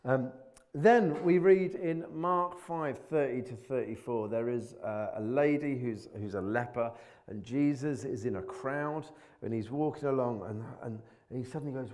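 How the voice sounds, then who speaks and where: A man's voice: mid-range voice, moderate pace, a little mellow. A man giving an informal sermon in a church, chatty and colloquial, poking fun at himself, with bursts of emphasis. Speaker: preacher.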